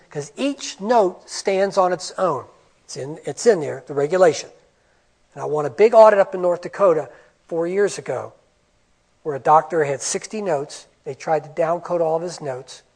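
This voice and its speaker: A man giving a conference presentation on medical coding, animated and emphatic, with rhetorical questions. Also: on the high side, vocal fry. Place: conference room.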